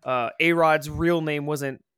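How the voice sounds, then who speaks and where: A man's voice: a little high, slow, clean tone, no echo, studio quality. A man telling a story on a casual podcast, swearing freely and talking with energy. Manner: profane, animated storytelling. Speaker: podcast co-host. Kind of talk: casual chat.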